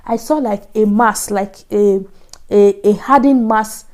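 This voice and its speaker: Nigerian woman telling her story, mellow voice. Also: medium pitch, a little slow. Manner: earnest storytelling, acts out her own past thoughts in soft asides. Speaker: vlogger. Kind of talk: casual storytelling to camera.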